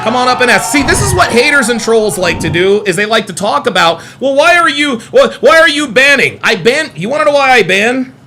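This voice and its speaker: Combative high-pitched male streamer. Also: sing-song, fairly quick, hardly any pauses, sharp tone, faint music behind. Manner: combative, repetitive, profane. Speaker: host of a live call-in stream. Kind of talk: heated live stream commentary.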